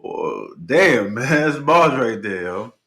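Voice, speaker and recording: A young man in casual reaction-video mode, excited and full of hype interjections. He talks slowly at a mid pitch, repeats lines and laughs often. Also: noisy background.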